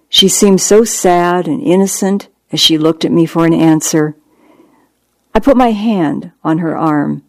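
A hospice doctor reading a first-person memoir aloud, gentle and reassuring in manner. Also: mid-range voice, steady tone, a little slow, gravelly, no echo. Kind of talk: audiobook narration.

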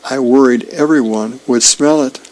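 Cheerful housewife, bubbly, gushing, read by a man, gravelly undertone. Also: medium pitch, moderate pace, a little mellow, lightly acted, low-quality recording.

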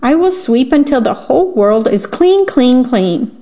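A woman's voice: high-pitched, animated, measured pace, dark tone. A woman reading as an eager housefly who never rests. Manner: eager, insistent. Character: busy male housefly, tireless neat freak. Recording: dull lo-fi radio sound.

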